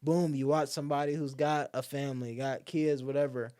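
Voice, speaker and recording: A man's voice: medium pitch, brisk. A young man from Alabama, a podcast guest chatting casually and acting out the people in his stories. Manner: animated storyteller who acts out the people he quotes, heavy use of "like" and "bro". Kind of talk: casual conversation.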